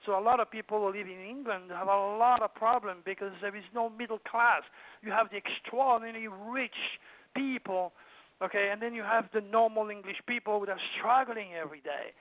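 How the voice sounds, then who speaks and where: A man's voice: high voice, fairly quick, no echo. An older man from France with a French accent, speaking as an astrologer guest on a radio call-in show, lecturing emphatically and rambling with plenty of fillers. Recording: dry, tinny phone line.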